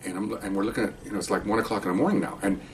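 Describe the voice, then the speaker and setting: A man's voice: fairly low pitch, fairly even intonation, very fast. An older man, a retired police officer, telling a story from his career in a rambling, casual way, restarting sentences and often checking in with an "okay?". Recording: distant mic with faint background hiss.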